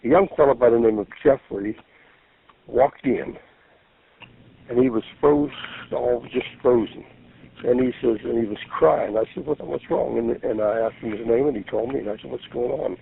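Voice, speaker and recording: Gravelly older man on a phone line. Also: mid-range voice, moderate pace, slight background noise. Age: 70s. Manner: earnest, retells events by acting out the voices. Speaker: pastor. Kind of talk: radio interview storytelling.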